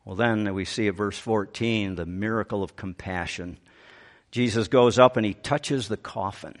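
A man preaching a sermon, swinging from raised, emphatic phrases to hushed, gentle ones. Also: on the low side, normal speed. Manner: animated preaching, voice rising and dropping to a hush. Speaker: pastor.

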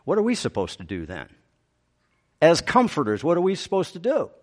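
Animated male preacher with lively pitch. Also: brisk. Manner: animated preaching, voice rising and dropping to a hush. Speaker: pastor. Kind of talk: sermon.

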